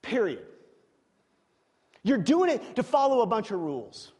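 A man preaching a sermon in a church, emphatic, swinging from loud exclamations to quiet, confiding asides. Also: very high-pitched, wildly swooping pitch, measured pace, breathy edge. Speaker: pastor. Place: church sanctuary. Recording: long reverb of a large hall.

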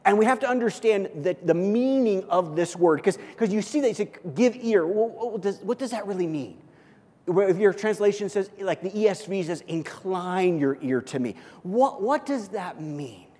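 High-voiced guy preaching, chatty asides, long hall echo behind him. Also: normal speed. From Kansas City area. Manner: animated, conversational preaching with asides. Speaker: pastor. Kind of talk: sermon.

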